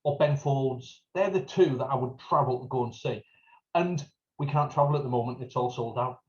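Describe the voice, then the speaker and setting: A man's voice: mid-range voice, moderate pace, muffled recording. A man with a North East English accent, co-hosting a podcast and telling jokey stories. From North East England. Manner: storytelling, jokey, acts out greetings in a raised voice. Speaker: podcast co-host. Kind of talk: casual chat.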